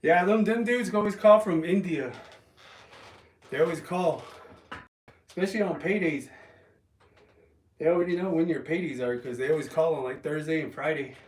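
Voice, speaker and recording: Man, casual livestream chatter, rambly with restarts, slightly high voice, roomy and off-mic. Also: slight background noise. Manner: rambling, halting with ums and restarts. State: resting an injured calf. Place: home, lifting weights while streaming. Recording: roomy, from a distance.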